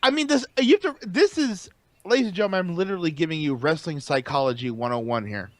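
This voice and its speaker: A man co-hosting a casual wrestling podcast, animated, emphatic and profane. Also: a little high, fast talker, no echo. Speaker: podcast co-host.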